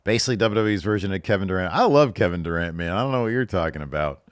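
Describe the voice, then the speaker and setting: Low-voiced man chatting casually, lively pitch. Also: very fast, dry recording, clean studio sound. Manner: loose, joking, restarts, reads questions aloud. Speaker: podcast host answering viewer questions. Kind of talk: casual solo Q&A chat.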